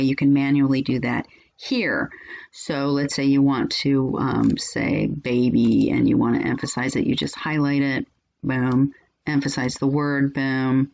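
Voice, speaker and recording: A woman hosting a casual screen-recording software walkthrough, chatty with frequent ums and restarts. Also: rumbling low, highs cut off. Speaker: software reviewer and channel host.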